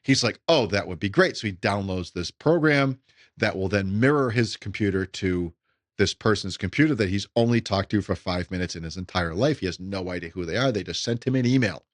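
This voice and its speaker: Middle-aged male podcast host, low voice, casual animated storyteller, dry close mic. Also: a little fast, no echo. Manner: animated, acts out quoted voices, restarts words. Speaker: podcast host, retirement advisor.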